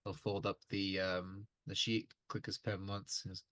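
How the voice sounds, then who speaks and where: A man runs a tabletop game, narrating scenes in a halting way full of fillers. His voice is very deep and low. The sound is dry and close to the mic. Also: flat delivery, fairly bright tone, no room sound. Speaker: game master.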